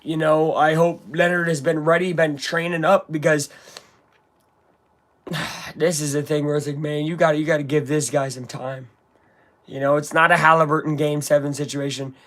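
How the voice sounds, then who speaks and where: His fairly high, somewhat bright voice narrates a game play by play as a fan watch-along commentator. The talk is loose and rambling, and he doesn't hide his frustration.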